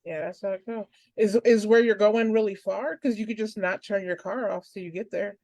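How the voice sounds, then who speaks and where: A woman hosting an online open mic over a video call, soft-spoken and hesitant, with many fillers. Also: mid-range voice, brisk, dry recording, highs cut off.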